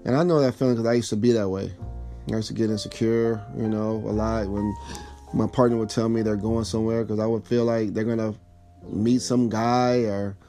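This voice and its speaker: A man's voice: on the low side, flat delivery, a little fast, dark tone, soft background music. A man talking through relationship advice in a casual, rambling way, full of "you know" and "like".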